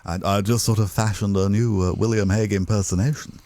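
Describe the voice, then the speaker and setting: A middle-aged English man, a guest on a breakfast radio show, telling anecdotes in a lively, chuckling way. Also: fairly low pitch, fairly quick. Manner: lively storyteller, chuckling often.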